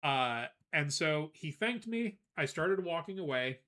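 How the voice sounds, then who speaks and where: A man streaming live, chatting casually and telling a rambling, animated story with frequent laughs, greeting viewers as he goes. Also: fairly high pitch, measured pace. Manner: greets chat viewers between anecdotes.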